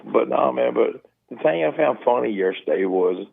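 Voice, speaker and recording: A man with a Southern accent calling in, mumbling and talking fast in casual chat. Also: mid-range voice, animated, gravelly, breathy edge. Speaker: caller. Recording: tinny phone line.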